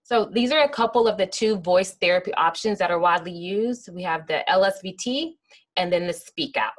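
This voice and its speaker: Woman giving a lecture, kinda low voice, lots of "um"s, explains stuff step by step. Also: a little fast. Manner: explanatory, with frequent "um" and "kinda", acting out example phrases. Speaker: speech therapist giving a lecture. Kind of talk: educational lecture.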